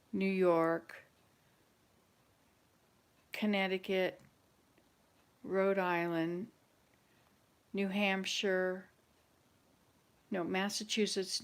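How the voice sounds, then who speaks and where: A woman's voice: lowish voice, clean tone. A woman hosting a casual chat with online viewers, thinking aloud and hesitating as she searches her memory. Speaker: channel host.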